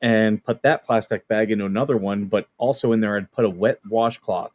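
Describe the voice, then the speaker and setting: A man who served as a Marine, chatting casually with a relaxed, chuckling manner. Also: fairly low pitch, fairly quick. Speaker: former Marine co-host. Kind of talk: casual chat. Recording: dull lo-fi mic.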